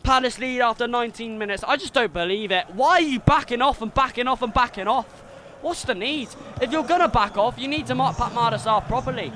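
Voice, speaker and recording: A young man streaming a football video game, giving his own excitable commentary that swings between frustrated rants and shouted goal calls. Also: very high voice, fairly quick, slight background noise. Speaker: gaming streamer doing self-commentary.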